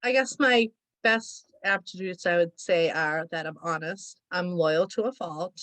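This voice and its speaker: A woman's voice: on the low side, unhurried, fairly bright tone, no room sound. A woman with a Boston accent co-hosting a podcast, chatting casually. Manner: chatty, fillers like "like". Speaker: podcast co-host. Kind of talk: casual chat.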